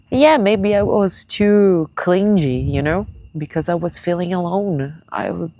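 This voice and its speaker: A young woman talking to her viewers in a tearful personal vlog, halting and searching for words in English, which is not her first language. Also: on the low side, gravelly, darkish tone, no echo. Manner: confiding, speaks straight to viewers. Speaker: vlogger.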